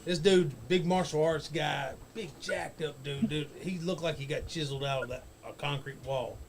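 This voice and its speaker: A man's voice: on the high side, fairly even intonation, normal speed, gravelly, noisy background. A man casually telling a rambling, profane backstage story as a guest on a talk show, laughing as he goes.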